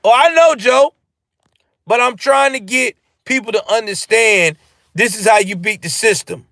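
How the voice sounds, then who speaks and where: Brief: high-pitched man ranting on a live stream, profane and animated, dry close sound. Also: measured pace, gravelly, no room sound. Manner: profane, animated, answers chat. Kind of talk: ranting political commentary.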